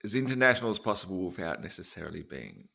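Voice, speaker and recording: A deep-voiced man spins a shaggy-dog joke in a loose, meandering way. His voice sits low and crackles with fry. He curses freely and wanders off on asides. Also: very animated, fast talker, bright, forceful tone. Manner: rambling, swears, laughs at own tangents. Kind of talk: casual joke storytelling.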